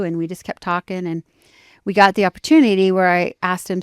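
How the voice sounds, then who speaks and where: Animated storytelling woman, low-pitched. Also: moderate pace, clean tone, dry recording, studio quality. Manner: animated, acts out dialogue with lively shifts. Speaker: podcast guest, author. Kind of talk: storytelling in a podcast conversation.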